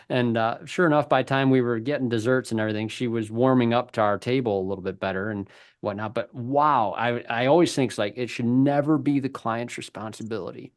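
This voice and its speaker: A man's voice: mid-range voice, fairly quick. A man hosting a webinar in casual conversation, telling stories and laughing often. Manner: chatty storyteller, laughs often. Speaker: webinar host.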